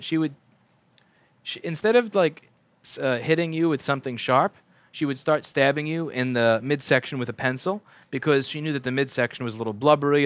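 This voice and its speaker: It's a casual livestream of a young American man, in his twenties, working at his repair shop bench while he rambles and swears through animated rants, slipping into mocking voices. His voice is mid-range and the sound has no echo.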